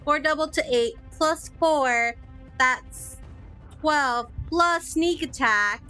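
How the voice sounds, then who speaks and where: A woman player at a tabletop game, excited and easygoing. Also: sits high, slow pace, soft background music. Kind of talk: casual tabletop gaming chat.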